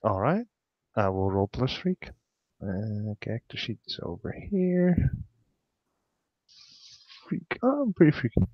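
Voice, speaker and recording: A man talks slowly and haltingly as a player in a tabletop game, often restarting his sentences. His voice comes over a dull, lo-fi mic with a dry, close sound. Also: lowish voice, wildly swooping pitch, no room sound. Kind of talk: casual tabletop play.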